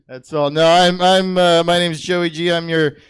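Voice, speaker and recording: Dude hosting a comedy night, laid back, mocks himself, clear voice a bit high for a guy. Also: flat delivery, slow. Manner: laid-back, self-deprecating, says "man" and "dude" a lot. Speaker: comedy show host. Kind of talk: stand-up hosting. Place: comedy club stage.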